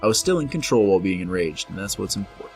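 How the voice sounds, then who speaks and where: His voice is low-pitched, creaky and expressive, and he talks at a quick pace. A man doing casual let's-play commentary, he jokes with on-screen enemies and reads game messages aloud over faint game music.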